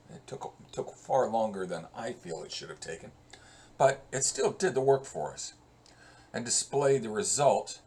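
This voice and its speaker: Guy professor doing a coding walkthrough, talks slow, mid voice, kinda casual and thinking out loud. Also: medium pitch. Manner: slow, conversational, thinks aloud while working. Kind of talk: screen-recorded coding lesson.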